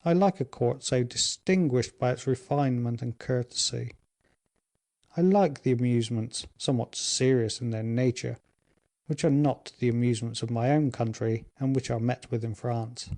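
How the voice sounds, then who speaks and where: Young lovesick duke, ardent and eager, warm dark voice, read by a male narrator. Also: mid-range voice, fairly even intonation, moderate pace, close to an everyday voice. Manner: eager and impassioned.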